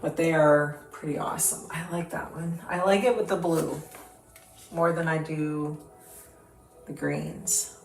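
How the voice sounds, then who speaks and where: Craft host: woman with the hiccups, enthusiastic, gravelly lower voice, recorded off-mic in a roomy space. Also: steady tone, a little slow, distant mic. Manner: chatty, enthusiastic, talks to viewers while working. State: has the hiccups. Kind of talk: casual crafting demo. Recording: roomy, off-mic, with clear background noise.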